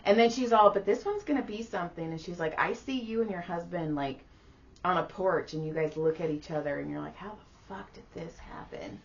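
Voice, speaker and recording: A woman's voice: on the low side, fairly quick. A middle-aged woman co-hosting a podcast, telling a story in a casual, profane way and acting out the voices of the people she quotes. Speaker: podcast co-host. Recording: distant, dull sound with steady background noise.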